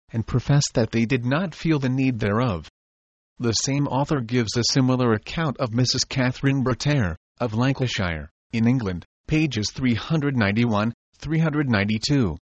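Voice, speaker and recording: A man reading an old text aloud in a measured, deliberate way, recorded dry and dull. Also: medium pitch, no echo. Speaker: audiobook reader.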